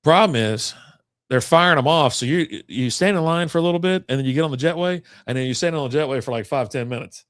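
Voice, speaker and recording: A man's voice: fairly high pitch, fast talker, no room sound, studio quality. A man co-hosting a casual chat, telling a long story in a rambling, profane way and acting out what people said. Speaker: podcast co-host.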